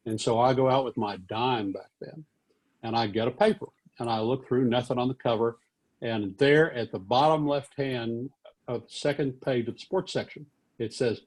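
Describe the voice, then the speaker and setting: An older man from Texas in his sixties spins a lively anecdote for an audience. He talks at an average pitch and jumps into different voices for the people he quotes. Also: normal speed, low-quality recording. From Fort Worth, Texas. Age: 60s. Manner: animated, acts out quoted voices. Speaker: veteran newspaper columnist. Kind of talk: storytelling talk to an audience.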